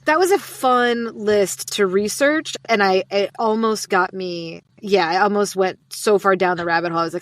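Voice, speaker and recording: Upbeat American woman guest, mid-pitched, chatty with restarts, dead-dry recording. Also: moderate pace, no room sound. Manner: chatty, upbeat, fillers and self-interrupting restarts. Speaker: podcast guest, sleep podcast host. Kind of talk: casual conversational interview.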